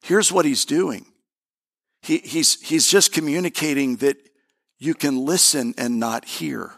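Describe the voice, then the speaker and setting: A middle-aged pastor preaches a sermon animatedly, repeating phrases and speaking directly to the congregation. His voice is on the high side with vocal fry, and his delivery is unhurried.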